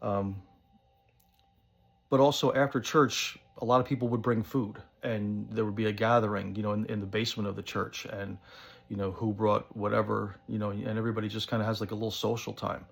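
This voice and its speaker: A man's voice: lowish voice, level tone, fairly quick, vocal fry, slightly rough. A man with a New Jersey accent, talking casually to his channel viewers in a rambling way with many fillers. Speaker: pipe-smoking channel host. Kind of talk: casual monologue to camera.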